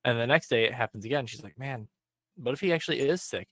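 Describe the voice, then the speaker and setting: A young man recaps an episode on a podcast in casual chat, telling it with animation and acting out the characters' lines. His speech is full of "um" and "like." His medium-pitched voice moves fast, and there's no echo.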